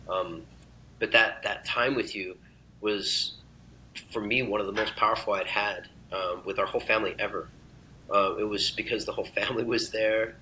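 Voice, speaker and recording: An earnest man with a lowish voice talks in an effusive, reflective way during a relaxed podcast chat. A faint rumble hums beneath his voice. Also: low-quality recording. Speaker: podcast guest, uncle of host. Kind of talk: casual conversation.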